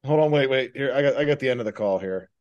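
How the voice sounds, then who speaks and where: A man co-hosting a podcast, chatting casually and firing off animated rhetorical questions. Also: medium pitch, fast talker, highs cut off. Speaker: podcast co-host. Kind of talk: casual political chat.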